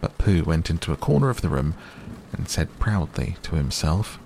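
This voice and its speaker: A man narrating a storybook calmly and soothingly for bedtime listening. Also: a bass voice, vocal fry, background noise. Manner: slow, calm and soothing. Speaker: audiobook narrator. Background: rain sounds.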